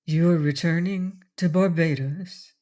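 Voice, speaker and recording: A woman's voice: on the low side, fairly even intonation, a little slow, warm tone, natural voice. A woman reading an audiobook, voicing an earnest, lovesick pirate captain who pleads.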